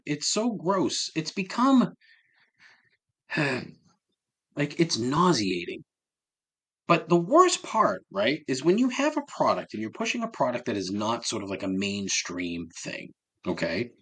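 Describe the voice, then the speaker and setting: A man's voice: medium pitch, fairly bright tone. A man hosting a solo podcast, ranting with sarcasm and heavy swearing. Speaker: podcast host.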